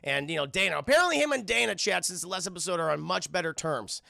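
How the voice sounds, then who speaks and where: A male streamer talks his live chat through an episode in a loose, rambling and profane way. His voice is very gravelly and bright, sitting a little high, recorded close and dry. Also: lively intonation, quick pace, dry recording. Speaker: streamer and cartoon reviewer.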